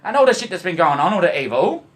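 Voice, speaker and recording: A man's voice: high-pitched, sing-song, fast, a bit bright. Rambling, swearing Australian man. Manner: swears constantly, rambling wordplay, addresses "boys". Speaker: vlogger. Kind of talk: rambling monologue to camera.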